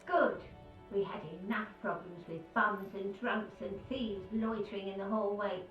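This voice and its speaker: A woman's voice: mid-range voice, steady tone, a little slow, reverberant, far from the mic, highs cut off, soft background music, natural voice. A woman voicing a stubborn, suspicious elderly woman who scolds visitors through a locked door in a video game. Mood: scolding. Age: older.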